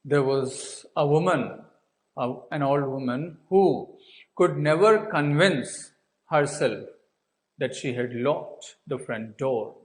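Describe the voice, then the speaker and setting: Man, indian english accent, teacher going over a story, slow deliberate delivery, slightly high voice, repeats points. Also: low-quality recording. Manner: asks and answers his own questions; restates points, fills with uh and so. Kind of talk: explaining a textbook story to students.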